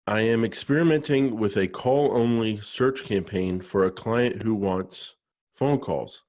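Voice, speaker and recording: A man's voice: fairly low pitch, darkish tone. A man co-hosting a podcast, reading sponsor spots with energy and a salesy push, then reading listener questions. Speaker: podcast co-host. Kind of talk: podcast chat and sponsor read.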